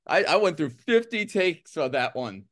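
A man's voice: fairly high pitch, sing-song, normal speed, a bit bright. A man from the United States, a musician guest, chatting casually in an interview with a rambling, joking, self-deprecating manner.

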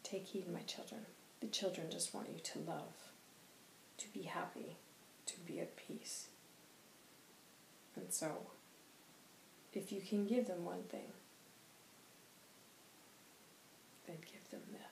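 A woman channeling a wise male spirit guide, soft preaching tone, low gravelly voice, echoey room. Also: expressive, a little slow, pauses often, a little hiss or hum. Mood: hushed.

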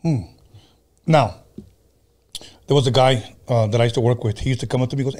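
A man's voice: mid-range voice, fairly even intonation, brisk, a little mellow. A man hosting a casual chat show, loose and profane, telling stories with many stumbles and restarts. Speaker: podcast host.

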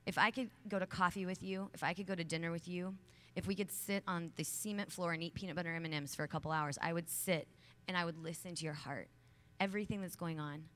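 A woman's voice: fairly low pitch, steady tone, fast, fairly bright tone. A woman in her thirties giving a heartfelt, emphatic talk to young women from a conference stage, chatty and full of fillers when telling stories. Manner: chatty storytelling with many fillers. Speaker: conference speaker. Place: large conference hall stage.

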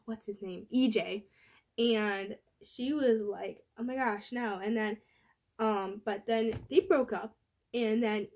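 A woman's voice: medium pitch, darkish tone. A teenage girl rambling in a casual vlog, full of fillers and restarts, her voice worn from being sick. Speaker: vlogger.

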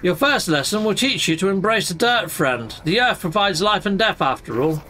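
A solemn farmer from a space game, read out by a man, speaks in grand, old-fashioned phrases. The voice sits fairly high with a lively lilt. A bright tone carries each formal line. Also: normal speed, slight background noise.

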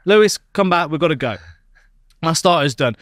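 A man's voice: moderate pace, dry recording, studio quality. A young man, co-host of a podcast, spins a playful, comic made-up story in casual chat. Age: young adult. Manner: playful storytelling, lively swings in pitch.

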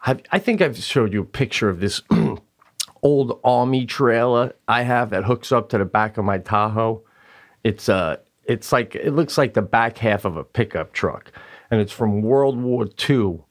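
A man's voice: mid-range voice, unhurried. A man co-hosting a podcast who tells stories in casual chat, swearing freely and laughing often. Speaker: podcast co-host.

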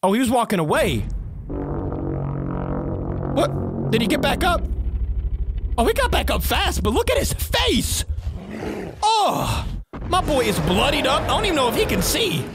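A reaction video host giving excitable, chatty play-by-play in casual commentary, laughing often. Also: high-pitched, unhurried, long pauses, over loud music.

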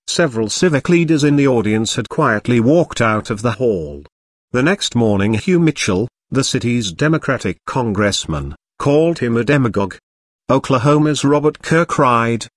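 A man reading a history audiobook aloud in a measured, even narration. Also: medium pitch, dry recording, studio quality.

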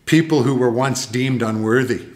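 A man preaching a sermon in a church, earnest and measured. His pitch sits at an ordinary middle register, and he often repeats phrases to build emphasis. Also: reverberant. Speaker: pastor. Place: church sanctuary.

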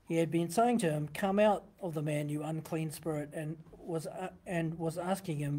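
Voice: medium pitch, moderate pace, few pauses, warm tone. A pastor giving a sermon, teaching conversationally from a printed text and often asking the listeners rhetorical questions.

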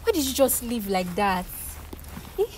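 A young woman pleads with her partner, emotional and insistent. Her voice is fairly high. Faint background noise surrounds her. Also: big pitch swings, moderate pace, a little mellow, poor audio. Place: outdoors at a block-making yard.

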